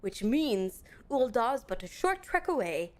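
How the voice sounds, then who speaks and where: Lady doing a pompous game inspector guy, low and grandiose, all big dramatic boasts. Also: big pitch swings, a little slow. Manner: theatrical, self-aggrandizing declamation. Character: pompous grandiose male inspector, middle-aged.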